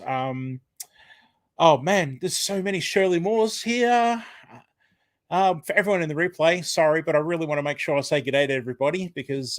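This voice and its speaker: An Australian man hosts a live chat from his desk, his voice sitting a touch high for a man. He talks in a rambling, filler-heavy way, greeting viewers by name. The sound is dry and close, with no room echo. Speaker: livestream host. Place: home room at a computer. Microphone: desk microphone.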